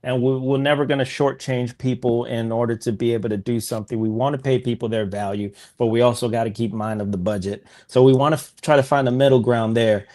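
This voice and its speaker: A man as a podcast guest in a casual interview, a relaxed storyteller who speaks bluntly and laughs at himself. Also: medium pitch, fast, few pauses. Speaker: podcast guest, filmmaker and veteran.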